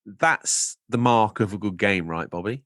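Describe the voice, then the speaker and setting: A man's voice: on the low side, a little slow, fairly bright tone, dry recording, clean studio sound. A man co-hosting a podcast in casual chat, playful and rambling, drifting into absurd jokes. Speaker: podcast co-host.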